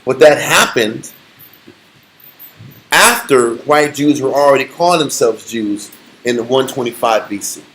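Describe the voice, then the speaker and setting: A man casually teaching a Bible study, talking in an animated, slangy way with a lot of laughter. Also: medium pitch, unhurried, pauses often, slight background noise, rough recording.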